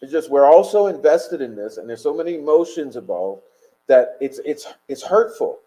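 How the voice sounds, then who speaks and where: A man's voice: a little high, animated, moderate pace, dark tone, low-quality recording. A man hosting a casual livestream, rambling and swearing emphatically as he chats and answers viewer comments. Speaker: livestream host.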